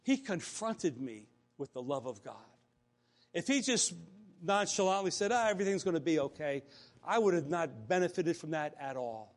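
A man with a high-pitched voice preaches a morning sermon. He talks in a relaxed, conversational way, restarting phrases and slipping into quoted dialogue. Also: moderate pace. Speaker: pastor.

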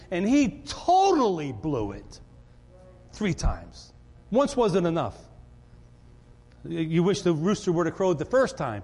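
High-voiced preacher in a reverberant hall. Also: male voice. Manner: animated, repeats words when excited. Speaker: pastor. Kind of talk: sermon. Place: church.

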